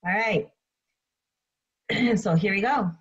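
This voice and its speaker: Slow, breathy woman teaching a class. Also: mid-range voice, highs cut off. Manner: slow, deliberate, repeats instructions. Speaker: English teacher. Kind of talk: online class lesson and story read-aloud.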